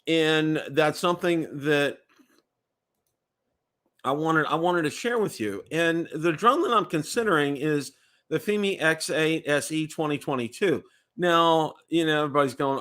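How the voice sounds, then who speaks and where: A man's voice: a little high, moderate pace, pushed and bright. A man from the United States hosting a casual livestream chat, rambling, repeating words and checking in with "okay?". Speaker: livestream host.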